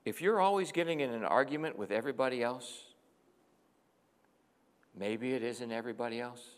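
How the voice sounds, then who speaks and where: A middle-aged man preaching a sermon as pastor, moving between quiet reflection and emphatic exhortation. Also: mid-range voice, moderate pace, clear, resonant tone, long reverb tail.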